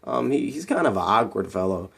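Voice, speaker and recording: A man casually retelling a film scene by scene, rambling and repeating himself, and jumping into higher voices when he quotes the characters. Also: expressive, fairly quick, gravelly, fairly bright tone, husky. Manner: rambling and repetitive, acting out quotes in raised voices. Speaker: movie recap vlogger.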